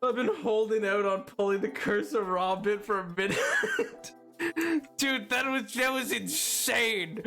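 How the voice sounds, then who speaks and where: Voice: medium pitch, animated, slow, a bit bright, soft background music. A streamer on a live gaming stream, loopy and giddy, laughing hard through nearly every sentence.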